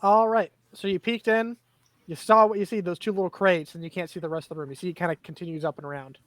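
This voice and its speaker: A man's voice: high voice, fairly even intonation, fast, no room sound. A man running an online tabletop game as game master, narrating events in an easygoing, matter-of-fact way.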